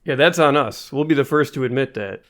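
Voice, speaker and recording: A man co-hosting a comedy podcast, making dry, deadpan sarcastic remarks. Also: mid-range voice, fairly quick. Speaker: podcast co-host. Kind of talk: casual comedic chat.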